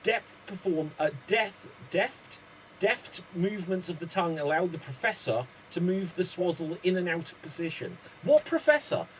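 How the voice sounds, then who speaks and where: A man's voice: high-pitched, moderate pace, slight background noise, low-quality recording. A man hosting an online improv comedy show, chatty and rambling.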